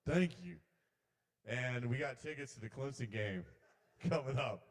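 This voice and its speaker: A man doing a rambling, swearing stand-up set at an open mic in a small bar. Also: normal speed. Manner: rambling, swearing, shouts the intrusive voices loud and high. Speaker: comedian.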